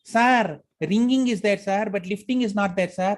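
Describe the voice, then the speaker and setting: Man imitating a young secretary woman, dutiful, polite, odd accent, higher voice. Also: moderate pace, close to an everyday voice. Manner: says sir constantly, odd accent.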